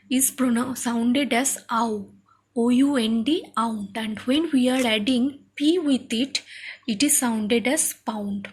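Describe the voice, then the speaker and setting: A woman's voice: on the high side, breathy edge. A woman teacher giving a phonics lesson, spelling words out letter by letter and often checking in with "okay?".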